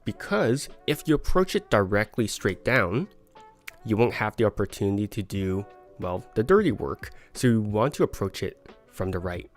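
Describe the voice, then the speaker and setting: A man's voice: fairly low pitch, sing-song, normal speed. A man teaching a card sleight on a livestream, stumbling and laughing at his own mistakes. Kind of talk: livestream tutorial. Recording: faint background music.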